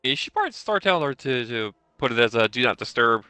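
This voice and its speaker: A man's voice: mid-range voice, very animated, fast talker, bright, forceful tone, clear, resonant tone, no room sound, soft background music. A man joining a friend's stream over game voice chat, teasing and joking casually.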